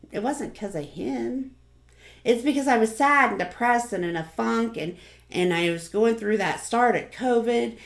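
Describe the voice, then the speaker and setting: A woman's voice: medium pitch, roomy sound. A woman YouTuber giving an earnest, encouraging motivational talk to the camera, often repeating phrases.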